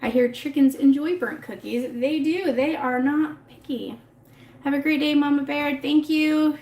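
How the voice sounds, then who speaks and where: A woman's voice: sits high, fairly even intonation, measured pace, darkish tone, echoey room. A woman hosting a casual livestream, reading and answering viewer comments in a rambling, chatty way, talking into her phone. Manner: chatty and rambling, laughs often. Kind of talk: casual live chat.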